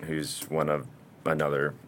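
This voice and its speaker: Low-voiced young guy, relaxed rambly chat, kinda bright tone, faint hum behind. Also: unhurried. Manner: laid-back, rambling, swears and laughs often. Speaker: muralist guest. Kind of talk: casual chat.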